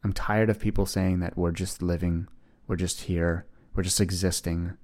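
A man's voice: low-pitched, level tone, normal speed, darkish tone. A man in his twenties talking alone on his podcast, earnest and rambling as he encourages his listeners. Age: 20s. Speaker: podcast host. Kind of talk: casual solo podcast monologue.

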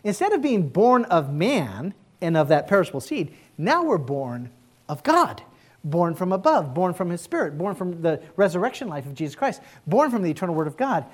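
Lively, animated male pastor preaching. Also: sits high, moderate pace. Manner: animated, conversational preaching with call-and-response. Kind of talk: sermon.

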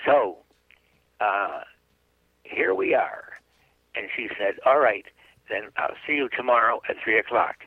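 With a lowish, creaky voice carrying a breathy edge, this older male guest psychic tells a rambling radio story expressively, at a measured pace and with frequent pauses. He's a chatty storyteller who acts out the characters' dialogue. The audio is dry and squeezed through a phone-like line.

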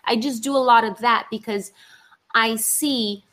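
An actress in casual conversation, animated and talking in quick rushes. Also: female voice, a little high. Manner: animated, talks in rushes, acts out her inner voice.

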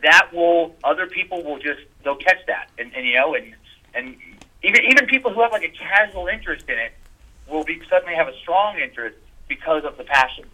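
Animated, forceful man talking fast. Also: a little high, low-quality recording. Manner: animated, emphatic, swears freely, many restarts. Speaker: guest comedian and podcaster. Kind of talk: casual podcast conversation.

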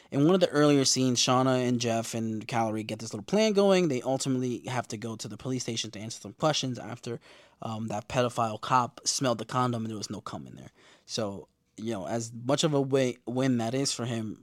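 A man casually recapping a TV episode in slangy, animated talk, acting out the characters' lines as he goes. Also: medium pitch, dry recording, clean studio sound. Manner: animated, slangy, acts out quotes. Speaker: show recapper.

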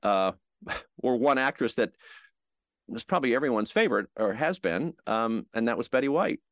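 A man's voice: medium pitch, normal speed, no echo. Middle-aged male guest, chatty storyteller who plays out dialogue; dead-dry recording. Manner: animated anecdotes with acted-out quotes. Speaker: guest, TV host. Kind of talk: storytelling interview.

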